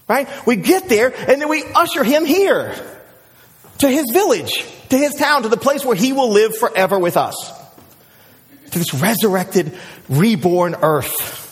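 Male pastor, high voice, animated sermon, long hall echo. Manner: animated storyteller, swings from excited shouts to hushed prayer.

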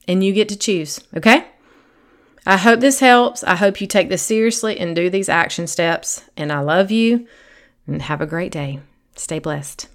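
A woman's voice: on the low side, moderate pace. A woman hosts a faith-based coaching podcast in an earnest, encouraging voice. She talks directly to one listener, now and then acting out that listener's inner thoughts as quotes. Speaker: podcast host and sobriety coach.

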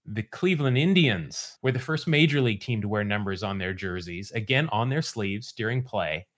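A man hosting a podcast, relaxed storytelling with dry asides in casual chat. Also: lowish voice, moderate pace. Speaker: podcast host.

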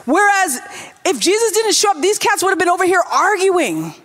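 A woman pastor preaching a sermon, acting out Bible dialogue in voices and breaking off with quick asides. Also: very high-pitched, big pitch swings, fairly bright tone. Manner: quick asides, self-interrupting.

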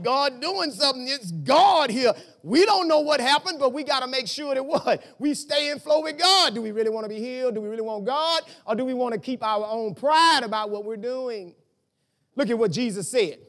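A man preaching a sermon as pastor, asking rhetorical questions and breaking into shouts. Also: very high voice, lively intonation, moderate pace.

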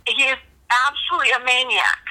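A woman's voice: sits high, quick pace, pushed and bright. A woman chatting casually on the phone, chewing food as she talks and laughing often. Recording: tinny phone line.

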